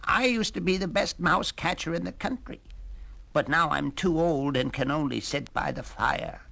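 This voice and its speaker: A man's voice: on the high side, normal speed, gravelly, sharp tone, pitched above the performer's own voice, heavily acted. A man voicing a gloomy old male cat who wails and meows in a storybook record. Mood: mournful. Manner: wailing, meowing.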